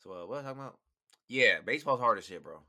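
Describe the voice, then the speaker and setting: A young man co-hosting a podcast in casual chat, profane and emphatic when making his point. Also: medium pitch. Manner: fast, animated, profane and emphatic. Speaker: podcast co-host.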